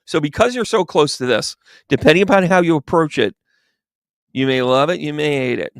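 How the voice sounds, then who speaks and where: Fairly high in pitch, smooth, and brisk, this man's voice is captured in a dry, studio-quality recording. He's a medium chatting on a livestream through a tarot reading, an animated storyteller who acts out quoted voices.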